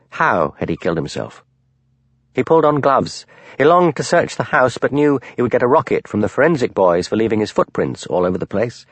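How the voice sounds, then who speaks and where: Expressive male audiobook narrator. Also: on the low side, dry recording.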